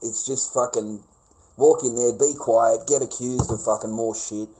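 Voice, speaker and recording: A man with an Australian accent holds forth in a sneering, swear-filled rant, mocking the people he complains about. He stretches some words out slowly for weight, and his pitch sits in an ordinary middle register. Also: fairly even intonation, mellow, poor audio. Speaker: vlogger. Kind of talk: profane ranting monologue.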